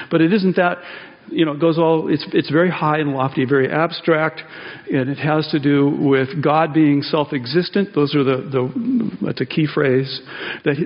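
A man delivers a sermon in a casual, talky manner, circling back on his phrases before climbing higher and louder to press a point home. His voice sits a touch high for a man. The sound is slightly dull and carries a long church reverb. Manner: conversational, self-interrupting, rises emphatically on key points. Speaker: pastor. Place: church sanctuary.

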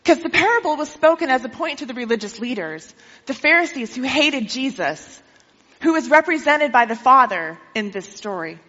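A woman preacher with a high, bright voice who tells the story in a lively way and keeps asking her listeners questions. The slightly dull recording carries a long reverb from a church sanctuary. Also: moderate pace. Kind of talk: sermon.

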